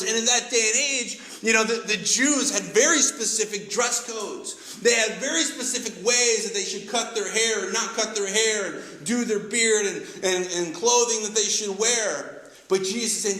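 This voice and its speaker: A man preaching a sermon as pastor, lively and conversational, acting out quoted voices and often restarting his phrases. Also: high voice, reverberant, low-quality recording. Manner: animated, acts out quoted voices, many restarts.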